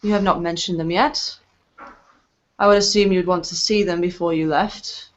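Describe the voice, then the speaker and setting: A woman voicing a cool, imperious elf high matron who speaks in a formal, deliberate way. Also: steady tone, lightly acted. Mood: probing. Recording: dull lo-fi recording.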